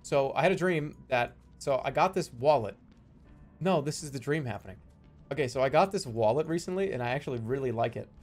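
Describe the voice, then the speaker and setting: A man's voice: medium pitch, brisk, soft background music. A young man streaming, telling his dreams in casual chat, acting out the voices and swearing freely. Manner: animated storytelling, acts out quotes with profanity.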